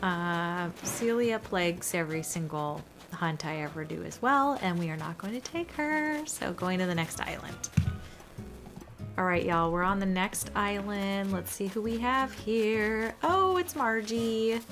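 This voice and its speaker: A woman chatting casually as she plays through a video game, trailing into soft asides. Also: on the low side, unhurried, music in the background. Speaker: gaming video host.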